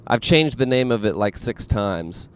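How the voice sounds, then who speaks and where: Casual male comedian host, Southern US accent, mid-pitched, clean and smooth, loose and self-mocking. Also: lively intonation, a little slow. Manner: rambling, self-deprecating, many fillers.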